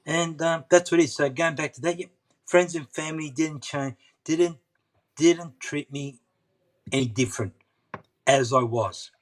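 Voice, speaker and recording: A man's voice: fairly high pitch, unhurried. A middle-aged man, an interview guest, telling a personal story earnestly and often repeating himself. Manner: earnest, persistent, repeats phrases.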